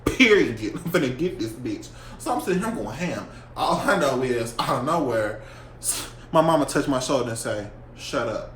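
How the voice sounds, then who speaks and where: A young man telling a story from his school days in a casual storytime vlog, animated and heavy with profanity and slang. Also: medium pitch, moderate pace. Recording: echoey room with faint hum.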